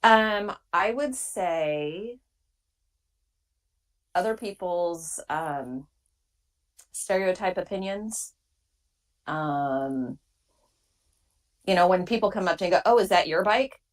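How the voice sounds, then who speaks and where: A woman's voice: lowish voice, expressive, slow, long pauses, low-quality recording. A woman rider being interviewed, speaking casually and hesitantly with many fillers. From Washington State. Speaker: interview guest, motorcycle rider.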